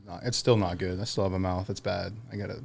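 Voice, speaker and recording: A man's voice: low-pitched, steady tone, fast talker, vocal fry, a little hiss or hum. A man guesting on a podcast, talking in a laid-back, laughing way in casual chat, with some swearing.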